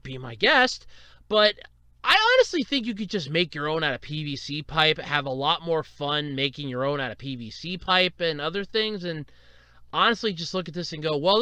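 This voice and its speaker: A man's voice: sits high, clear, resonant tone, dry recording. A young man hosting a solo podcast, telling rambling, profane stories in a casual chat. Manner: rambling, profane, animated storytelling. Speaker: podcast host.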